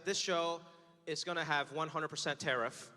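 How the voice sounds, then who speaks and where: A man's voice: on the high side, steady tone, normal speed. A man performing a stand-up comedy set on stage, acting out the voices of his parents and other people. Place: comedy stage before a live audience. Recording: live hall with long reverb, audience noise.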